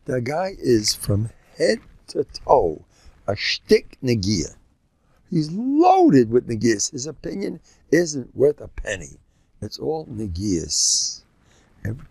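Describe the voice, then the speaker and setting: Gravelly older man giving a lively lecture. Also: slow pace, no room sound. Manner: animated, jumps into high-pitched mock dialogue. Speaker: rabbi. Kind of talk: Torah lecture.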